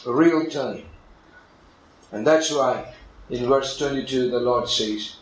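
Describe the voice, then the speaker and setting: A man preaching a sermon as a pastor, in animated delivery that swings from loud, soaring climbs to near-whispers, with non-native English grammar as he acts out conversations. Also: mid-range voice, slow, long pauses, echoey room, slight background noise, rough recording.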